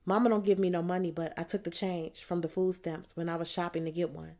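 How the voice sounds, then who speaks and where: A woman reads a novel aloud in the first person, keeping her delivery plain and measured. Her voice sits a little below most women's. She sounds steady and unhurried as she narrates. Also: on the low side. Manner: plain, measured storytelling in the voice of a teenage girl. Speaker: audiobook narrator.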